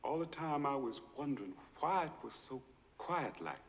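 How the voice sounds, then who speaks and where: An actor playing a humble, soft-spoken man testifying on the stand in an old film drama. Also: medium pitch, animated, moderate pace, dull audio, natural voice. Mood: earnest. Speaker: witness in a courtroom film scene. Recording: long hall reverb, old film clip.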